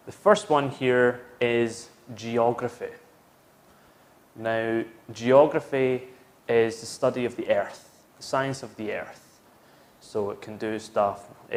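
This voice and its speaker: Slow, patient British man teaching. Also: mid-range voice, a little mellow. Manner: patient, repeats words for learners to echo. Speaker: English teacher. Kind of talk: slow, clear classroom instruction.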